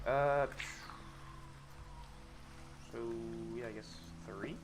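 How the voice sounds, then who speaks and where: A man speaks at a moderate pace in a medium-pitched, animated voice, with background noise present. Streaming his game live, he chats casually, swears a lot, jokes with chat, laughs at himself and mutters while building.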